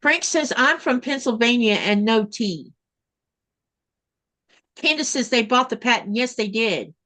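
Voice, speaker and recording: Southern lady host, higher voice, chatty, reading comments off the stream. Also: expressive, a little slow, sharp tone. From American South. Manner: chatty, reads comments aloud. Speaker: livestream host. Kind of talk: casual chat, reading viewer comments.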